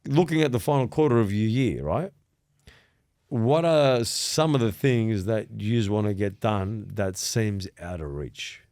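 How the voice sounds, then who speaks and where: Low-voiced man, animated and sweary. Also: a little slow, no room sound, clean studio sound. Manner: animated storytelling, heavy swearing, acts out quoted dialogue. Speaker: podcast host. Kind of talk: casual chat.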